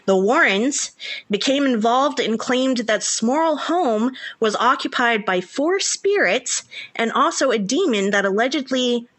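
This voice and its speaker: A woman from the US South co-hosting a podcast in casual chat, giggly and animated while trying to sound professional. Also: on the high side, unhurried. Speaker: podcast co-host.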